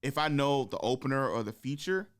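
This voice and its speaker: A man hosting a podcast, telling comedy-club stories in a casual, animated way, acting out the people he quotes and laughing often. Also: mid-range voice, a little fast. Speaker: podcast host and stand-up comedian. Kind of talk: casual storytelling chat.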